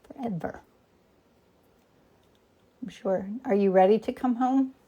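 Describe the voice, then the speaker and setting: A woman's voice: a little high, takes it slowly, dark tone, muffled recording. A woman in her fifties hosting a live painting demo, thinking aloud as she works, greeting viewers by name and sometimes dropping to a near whisper. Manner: drops to a near whisper at times while working. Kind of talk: casual live-stream chat while painting.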